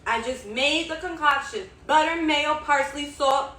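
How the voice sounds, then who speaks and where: A woman's voice: sits high, a little slow, sharp tone. A woman hosting her own cooking vlog, chatty and enthusiastic, repeating herself as she cooks and tastes. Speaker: home cook, channel host. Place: home kitchen. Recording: echoey kitchen, mic at a distance.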